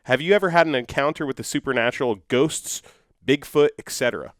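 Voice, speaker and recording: A man's voice: medium pitch, brisk, no room sound, studio quality. A man co-hosting a podcast, playfully reading out questions to the host.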